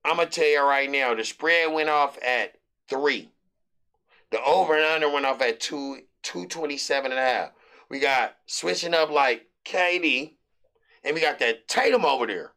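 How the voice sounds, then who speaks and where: A man's voice: a little high, sharp tone. A man hosting a sports betting show, running through picks in a loose, repetitive, hyped-up way with lots of slang.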